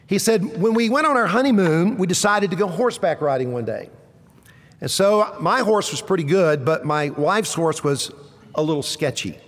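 High-voiced male preacher in a reverberant hall. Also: lively intonation. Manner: storytelling with dramatic pauses, drops low and quiet for punchlines. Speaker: pastor. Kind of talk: sermon. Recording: long reverb of a large hall.

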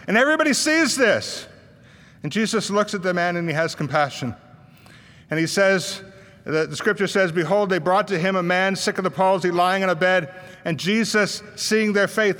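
A man's voice: sits high, sharp tone, big-room sound. A man preaching a sermon, retelling a Bible story and acting out the voices of the people in it.

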